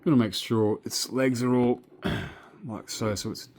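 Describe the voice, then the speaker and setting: A man's voice: mid-range voice, fairly even intonation, unhurried, darkish tone. A man with an Australian accent, chatting casually and rambling through a story as a toy collector vlogger. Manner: chatty, meandering, swears casually.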